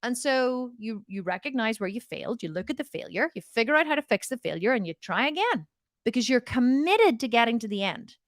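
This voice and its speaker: A woman's voice: a little high, very animated, fairly quick, no echo, studio quality. A woman diet coach answering viewer questions in a live Q&A, blunt and direct, often laughing and swearing jokingly.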